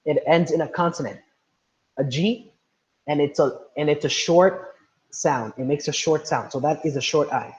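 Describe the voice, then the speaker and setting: A man's voice: a little high, moderate pace. Man teaching an online class, muffled. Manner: patient, repeats words and checks with "right?". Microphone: video call.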